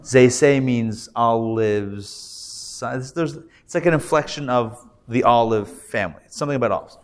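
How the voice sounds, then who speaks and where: A man, a rabbi, teaching a live Hebrew reading class, sounding out syllables slowly and patiently checking that his students follow. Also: mid-range voice. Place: classroom before a live audience.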